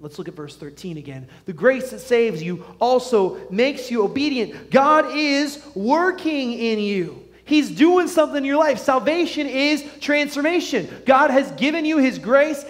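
A male pastor preaching a sermon, swinging from loud fervent urging to hushed earnest pleading. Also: very high voice. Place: church sanctuary. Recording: long hall reverb.

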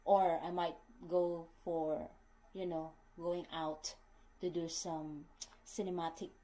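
A woman's voice: fairly low pitch, little pitch movement, takes it slowly, warm tone, rough recording. A woman with a Filipino accent, chatting casually to camera as a vlogger and often calling her viewers "guys" as she corrects herself mid-sentence. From Philippines.

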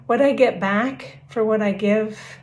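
A woman's voice: medium pitch, takes it slowly, a little mellow. A woman sharing a sincere personal statement about why she gives to her church. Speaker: church member. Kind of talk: personal giving testimony.

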